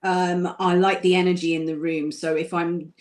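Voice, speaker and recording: A woman's voice: on the low side, flat delivery, moderate pace, darkish tone. A woman who grew up in Somerset, a guest author in a casual interview, talking in an easygoing, self-deprecating way with small laughs. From Somerset, England.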